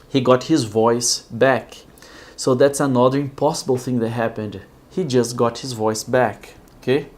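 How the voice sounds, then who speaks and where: A man with a Brazilian accent, a native Portuguese speaker, teaching English through Bible stories with slow, patient explanations and frequent checks on the listener. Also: mid-range voice, a little mellow.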